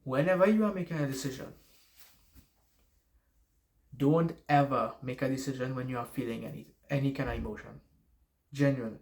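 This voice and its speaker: A man's voice: medium pitch, moderate pace, pauses often, a little mellow. Rambling accented man giving advice. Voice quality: noticeable non-native accent. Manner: rambling, self-correcting, swears casually. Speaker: YouTuber giving life advice. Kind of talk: casual advice monologue.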